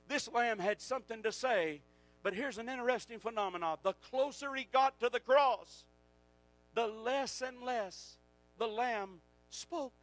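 Man, preacher, sermon, very high pitch, dry sound, dramatic hush-to-shout delivery. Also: moderate pace, no room sound, rough recording.

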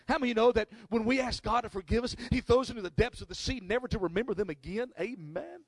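High-pitched preaching man, gravelly. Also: fast, no echo. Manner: preaching with sudden shouted bursts and call-and-response. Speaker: pastor. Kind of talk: sermon. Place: church, recorded on video.

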